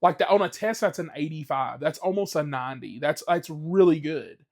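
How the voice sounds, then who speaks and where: Male solo podcaster, blunt and profane, slightly raised pitch, loose chatty delivery. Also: fairly quick, gravelly. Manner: blunt, profane, animated ranting with many fillers. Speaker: podcast host. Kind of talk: casual solo podcast rant.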